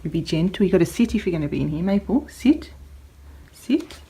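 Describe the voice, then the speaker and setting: A woman vlogging at home, talking gently to her dog and rabbits in a coaxing voice that often rises into a soft high baby voice. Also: racing, creaky. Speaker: pet vlogger. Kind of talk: casual vlog talk to pets. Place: home room with pets.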